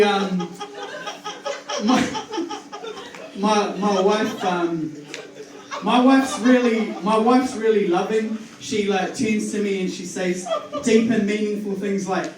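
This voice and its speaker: A man's voice: high voice, steady tone, takes it slowly, pauses often. A man with a New Zealand accent doing a nervous stand-up comedy set, rambling with lots of ums and restarts and laughing at his own jokes. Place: comedy club stage with audience. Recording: very echoey room, voice far from the mic.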